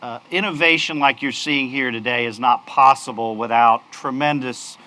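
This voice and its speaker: A man's voice: mid-range voice, moderate pace, pushed and bright. A man, a company executive, giving an upbeat, polished press conference speech at an outdoor launch, with frequent fillers.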